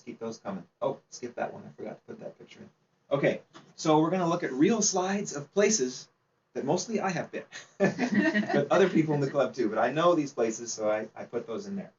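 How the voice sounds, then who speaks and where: Man teaching a club seminar from afar. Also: medium pitch. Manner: chatty, asks the audience questions, laughs easily. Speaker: seminar presenter. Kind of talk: informal slide presentation to a club audience. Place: meeting room. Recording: distant, dull, faint background noise.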